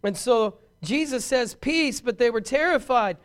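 A man preaching a sermon, animated and emphatic, with touches of humor and repeated words for stress. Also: extremely high pitch, measured pace, clean tone.

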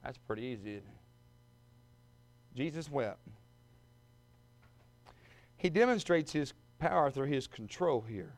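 A man preaching a sermon, reading scripture and calling his listeners friends, building from quiet storytelling up to shouted peaks. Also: mid-range voice, big pitch swings, slow pace, pauses often. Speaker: pastor.

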